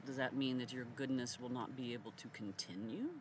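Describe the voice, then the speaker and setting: A woman's voice: rumbling low, fairly even intonation, a little fast, background noise. A woman giving a blunt, sarcastic, profane monologue to her audience. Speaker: social commentator. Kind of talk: direct-to-camera monologue.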